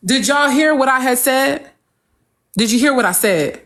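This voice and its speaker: A high-voiced woman rants on a livestream. She is confrontational, firing off the same rhetorical questions again and again at her critics. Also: expressive, normal speed, a bit bright, a little hiss or hum. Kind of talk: heated livestream rant.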